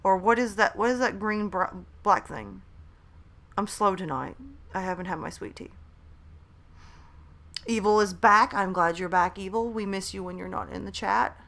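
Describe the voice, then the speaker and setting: On a home live stream, a woman chats casually into a desk mic by her laptop, hyper and talkative as she reads chat messages aloud. Her voice sits at medium pitch with a fairly bright tone.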